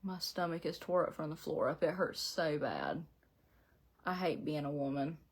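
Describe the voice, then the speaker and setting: In her home beauty room, this middle-aged Southeast Georgia vlogger does her makeup and rambles casually in a Southern Georgia accent, laughing a lot. Her low-pitched voice is expressive and moves at normal speed, with slightly rough audio.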